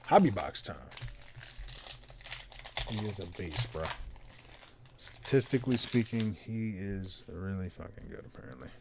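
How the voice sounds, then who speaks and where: A man hosting a card break, casually calling out players with slangy, excited remarks and muttered asides. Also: sits low, a little slow, creaky, long pauses, noisy background. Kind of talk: casual card-opening commentary.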